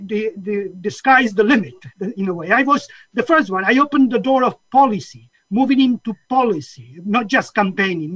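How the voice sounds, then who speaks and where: Guy, high voice, earnest, keeps restarting words. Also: a bit bright, dry recording, rough recording. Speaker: interview guest, vegan campaigner. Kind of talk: conversational interview.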